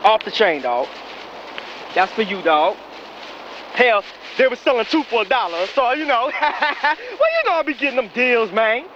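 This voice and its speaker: High-voiced young man rambling in slang. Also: animated, moderate pace, highs cut off, noisy background. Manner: slangy, rambling, laughing between lines. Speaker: comedic monologue performer. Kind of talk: comedic monologue to a dead friend at a grave.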